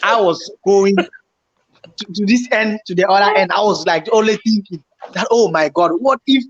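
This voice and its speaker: A man telling a story in casual chat, animated and repetitive as he acts out his own panicked remarks. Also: sits high, moderate pace. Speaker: YouTuber co-host. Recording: slightly dull lo-fi home recording.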